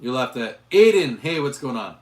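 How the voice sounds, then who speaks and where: A hoarse man hosting a casual livestream about guns, rambling with restarts as he answers viewers' chat. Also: medium pitch, sing-song, moderate pace, darkish tone, roomy sound. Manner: rambling, with frequent restarts and fillers. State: hoarse, losing his voice. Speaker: gun channel host reading live chat.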